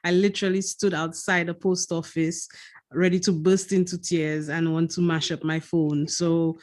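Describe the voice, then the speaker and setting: A woman's voice: fairly low pitch, flat delivery, normal speed, a little mellow. Emphatic woman, ranting. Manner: emphatic, ranting, repeats herself. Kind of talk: casual podcast chat.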